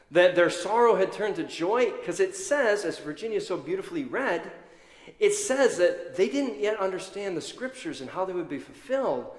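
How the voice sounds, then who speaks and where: A man's voice: a little high, reverberant, big-room sound. A man preaching an Easter sermon as pastor, telling the story dramatically and acting out its people. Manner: animated storytelling, acting out the disciples and Mary.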